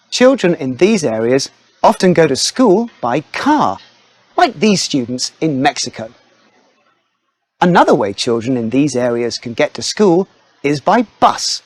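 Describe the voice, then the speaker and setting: Male narrator for a kids' read-along, friendly and animated, slightly high voice. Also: no room sound. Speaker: storybook narrator. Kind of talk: scripted children's story narration.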